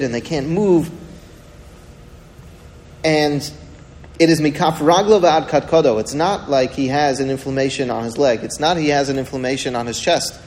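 A man's voice: a little high, darkish tone, big-room sound, a little hiss or hum. A man giving a Torah lecture, retelling a story dramatically and asking rhetorical questions. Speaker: rabbi teaching a Torah class.

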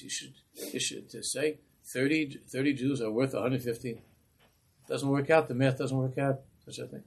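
Rabbi guy lecturing his class, fired up and rhetorical, kinda husky voice. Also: mid-range voice, moderate pace. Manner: impassioned, rhetorical.

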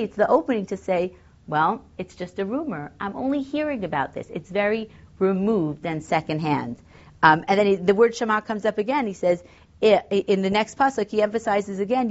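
A woman's voice: mid-range voice, muffled recording. A woman teaching a text study class, thinking aloud with fillers and reading Hebrew verses. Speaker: Torah teacher.

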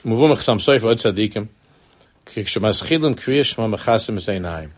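A man's voice: lowish voice, animated, a little fast. Earnest man teaching Torah. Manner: earnest, repeats words, mixes Hebrew terms into English, rises in emphasis. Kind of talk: Torah lecture.

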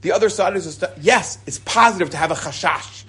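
A man telling lively stories to a group and weaving in religious teaching, often jumping into a high excited voice when he quotes people. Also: a little fast, slight background noise. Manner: animated storyteller, jumps to a high excited voice when quoting people; chuckles and restarts mid-sentence. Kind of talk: storytelling talk with religious teaching. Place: lives in Israel.

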